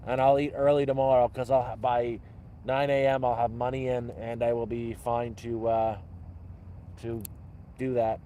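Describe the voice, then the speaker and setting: A man hosting a livestream in casual, rambling chat, jumping between loud bursts and low mutters. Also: flat delivery, moderate pace, a little hiss or hum. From Canada. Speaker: livestream host. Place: outdoors by a campfire.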